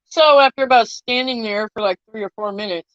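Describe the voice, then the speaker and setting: A young woman telling viewers a long story in a casual, animated and profane way. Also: on the high side, fairly quick, no echo, dull audio. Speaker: vlogger, army veteran.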